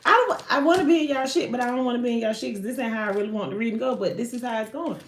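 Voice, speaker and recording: A woman giving a live tarot reading in an animated, slangy way, swearing and often breaking off mid-sentence. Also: fairly high pitch, very fast, echoey room, a little hiss or hum. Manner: animated, slangy, swears, frequent self-interruptions. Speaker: tarot card reader.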